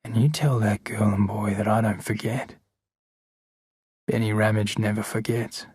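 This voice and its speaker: Audiobook villain: a hard, threatening brute with a husky edge, read by a man. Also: on the low side, little pitch movement, a little slow, a little mellow, no room sound, studio quality. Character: menacing male villain leader, grown man.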